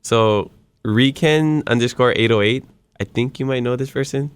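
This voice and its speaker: A man's voice: mid-range voice, moderate pace, smooth, dry recording. A man hosting a podcast, friendly and affirming, reading listener questions and laughing a lot. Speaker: podcast host. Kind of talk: casual interview chat.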